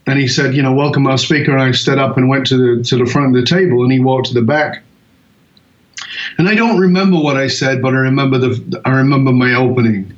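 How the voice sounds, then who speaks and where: British man, sixties, animated storyteller, roomy room, dull lo-fi sound. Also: medium pitch, quick pace. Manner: animated anecdotes, acts out quoted voices. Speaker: guest speaker. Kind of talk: storytelling in an interview.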